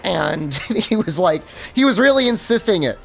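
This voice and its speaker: Rambling streamer with a lively voice. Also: medium pitch, moderate pace, vocal fry, soft background music. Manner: rambling, many fillers and restarts, laughs at own stories. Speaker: game streamer. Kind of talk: casual livestream chat while gaming.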